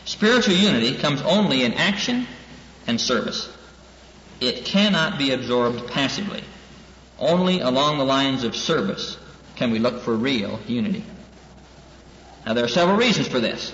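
A man's voice: medium pitch, lively intonation, moderate pace, long pauses, a bit bright. A male minister teaching a class in an earnest preaching style, repeating key lines for emphasis. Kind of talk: preaching lecture. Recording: dull echoey hall with faint hiss.

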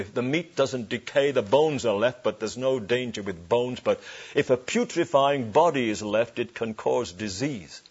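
A man's voice: mid-range voice, darkish tone, slightly rough. Emphatic male preacher on a dull recording. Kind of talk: sermon.

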